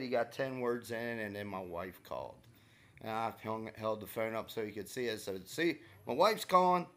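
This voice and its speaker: A man's voice: on the low side, a bit bright. A man casually telling a rambling, wry story in a vlog, with many fillers and restarts. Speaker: vlogger.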